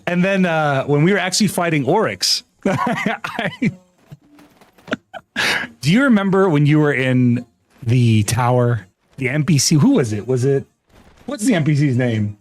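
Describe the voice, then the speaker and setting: A man streaming a game live, telling a story to his chat in a casual, animated way, often breaking into laughter and swearing freely. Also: on the high side, a little slow, long pauses. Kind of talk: casual gaming livestream storytelling.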